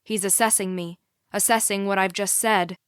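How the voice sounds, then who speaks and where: A woman narrating a first-person thriller audiobook in a measured, tense way, on a close studio mic. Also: medium pitch, steady tone, a bit bright, smooth, no room sound.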